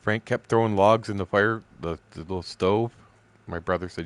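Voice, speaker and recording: Playing a fishing game on stream, this man in his sixties talks at a moderate pace in a slightly low voice. He wanders through old stories, cursing freely and laughing along, and the audio has no echo.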